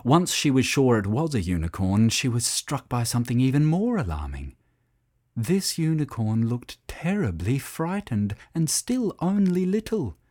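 A man narrating a children's story in an expressive, animated way. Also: medium pitch, a little slow, no echo, studio quality.

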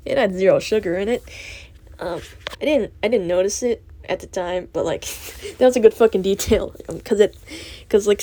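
Teenage girl, breathy and low-key, rambling and self-deprecating as she talks. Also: dark tone. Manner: rambling and self-deprecating, with heavy filler words and swearing. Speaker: student vlogger. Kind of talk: rambling monologue.

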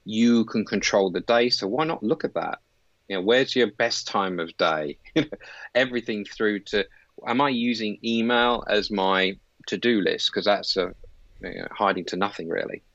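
A man's voice: on the low side, normal speed, fairly bright tone, dry recording, muffled recording. A middle-aged man, a leadership coach, explaining his approach in an earnest conversational way with frequent fillers. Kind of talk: conversational interview.

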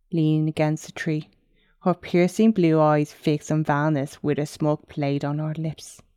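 A woman narrating her own fantasy novel in a steady, unhurried audiobook reading. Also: sits low, smooth, dry recording, clean studio sound.

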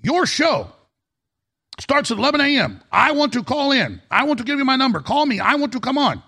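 A man putting on the voice of an agitated male shop owner, speaking insistently in a much higher pitch. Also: sing-song, fairly quick, bright, forceful tone, heavily acted. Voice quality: raspy.

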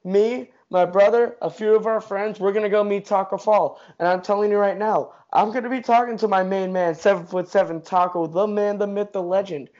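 A man's voice: high voice, fairly even intonation, brisk, hardly any pauses, darkish tone. A man, co-hosting a casual podcast with hyped, joking banter. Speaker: podcast co-host. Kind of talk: casual chat. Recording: dull lo-fi recording.

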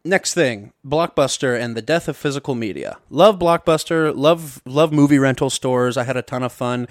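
A young man from Missouri hosts a podcast in a loose, jokey, foul-mouthed rant that keeps stopping and restarting. His voice sits at a middling pitch. It is recorded close and dry, with no room sound. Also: normal speed, no echo. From Missouri, USA. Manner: profane, rambling, self-interrupting, jokey. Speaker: podcast host. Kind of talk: casual comedic rant. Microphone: podcast mic.

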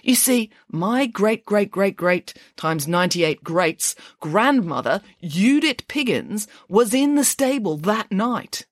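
A woman's voice: very animated, slow pace, few pauses, no room sound, clean studio sound. Woman putting on pompous pig nanny Nanny Piggins. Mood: grandly proud. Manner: pompous, exclamatory, leaps up high in pitch. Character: grand, bossy female pig nanny, theatrical and indignant. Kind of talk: audiobook character voice.

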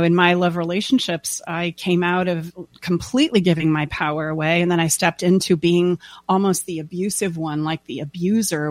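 Casting: woman coach, earnest and heartfelt, bursts into lively quoted voices, dry close sound. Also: fairly low pitch, no room sound. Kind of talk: casual podcast conversation.

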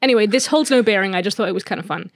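A woman's voice: mid-range voice, vocal fry, dry recording, studio quality. A woman co-hosting a casual podcast, playfully teasing as she tells a spooky story. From England. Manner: playful, teasing, dramatic pauses. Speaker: podcast co-host.

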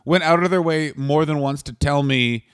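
A man from Canada, a stand-up comic co-hosting a podcast in loose, profane chat. His voice sits a touch high, and he talks fast, riffing from one joke to the next. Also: smooth. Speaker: podcast co-host, stand-up comedian. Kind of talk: casual comedic chat.

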